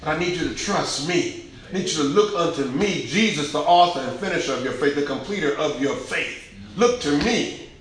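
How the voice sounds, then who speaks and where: Jesus speaking tenderly to his followers , as a preacher puts him on. The voice sits a little high and pleads gently for trust. It rings through a very echoey hall. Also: lively intonation, normal speed. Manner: tender, pleading first-person appeals. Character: Jesus, gentle reassuring divine man.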